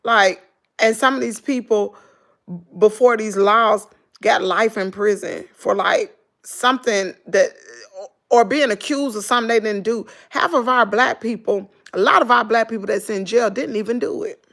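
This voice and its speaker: A middle-aged Southern woman with a fairly high, gravelly voice chats on her stream. She tells stories animatedly and addresses viewers as "girl" and "y'all". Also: moderate pace, a bit bright. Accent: Southern American English. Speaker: vlogger. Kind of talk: casual livestream chat.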